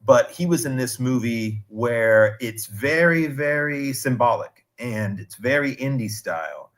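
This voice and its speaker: A man's voice: mid-range voice, expressive, measured pace, a bit bright. A man in his thirties chatting casually on a stream, telling rambling, digressive stories with restarts. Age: 30s.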